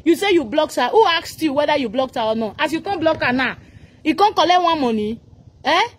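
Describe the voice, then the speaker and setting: Scolding high-voiced Nigerian woman. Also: lively intonation, fairly quick. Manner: scolding, mocking, mixing pidgin. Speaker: commentator. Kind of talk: angry reaction rant.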